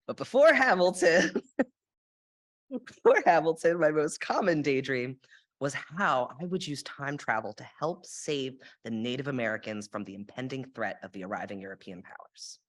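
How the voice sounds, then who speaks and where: A woman's voice: very deep voice, normal speed. A young woman giving a sermon in a church, reflective in tone and dropping dry sarcastic asides. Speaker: lay sermon speaker. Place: church sanctuary.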